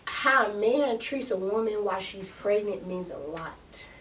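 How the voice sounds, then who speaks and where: A young woman, a podcast guest, telling her story in a casual, animated way with lots of slang. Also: medium pitch, unhurried, far from the mic, a little hiss or hum, rough recording. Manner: animated, slangy, acts out others in quotes.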